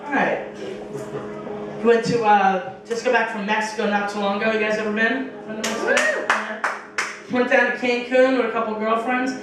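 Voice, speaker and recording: A woman's voice: fairly high pitch, animated, a little fast, over music. A young woman doing a stand-up comedy set in a small bar, telling profane stories with acted-out quotes. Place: small bar stage with a live audience. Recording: echoey room, mic from far off.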